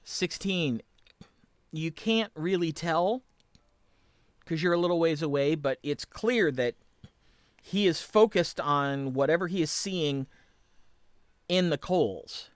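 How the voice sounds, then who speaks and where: A man narrating as game master of a tabletop game in an easygoing, measured way. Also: a little high, smooth, no echo, studio quality.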